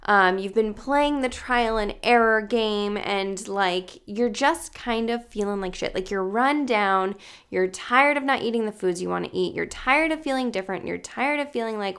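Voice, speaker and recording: A woman's voice: medium pitch, vocal fry, fairly bright tone, smooth. A woman talking casually as a health coach on a livestream, chatty and full of "like" and "you guys", greeting viewers by name as they join.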